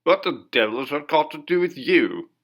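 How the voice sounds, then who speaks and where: A man doing a fierce haunted gentleman. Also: a little high, lively intonation, moderate pace, pitched above the performer's own voice. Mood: furious. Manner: fierce, imperious. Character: haunted, feverish English gentleman.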